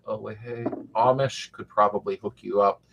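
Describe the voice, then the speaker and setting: A man's voice: fairly low pitch, fairly even intonation, moderate pace, vocal fry, highs cut off. A middle-aged man hosting a casual live-stream chat, rambling and joking as he reads viewer comments aloud. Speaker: host of a car restoration channel live chat.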